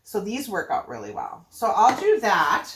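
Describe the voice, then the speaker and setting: A woman's voice: mid-range voice, huge pitch swings, moderate pace, heavy background noise. An older woman, chatting casually and rambling as she cooks in her home kitchen. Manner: chatty, rambling, frequent self-corrections and laughs. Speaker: homestead cooking vlogger. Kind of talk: casual cook-along chat to camera.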